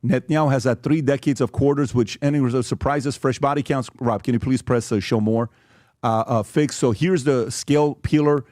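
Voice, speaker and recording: A man's voice: medium pitch, steady tone, a little fast, darkish tone, dry recording. Emphatic male podcast host, dry sound. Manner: emphatic, repeats "okay?" often. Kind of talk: talking through social media posts on a show.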